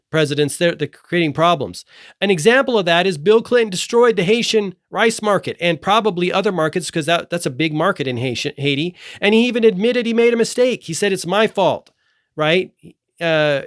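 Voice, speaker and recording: A man's voice: a little high, no echo. Heated, rambling man with a dry close sound. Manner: heated, rambling, loses his train of thought. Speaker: vlogger. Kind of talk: unscripted political monologue.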